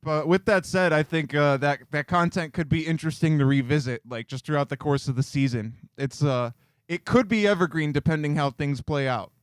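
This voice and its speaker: A man co-hosting a sports radio show, speaking in a measured, agreeable way. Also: a little high, clear, resonant tone, dry recording. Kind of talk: casual sports talk. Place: radio studio.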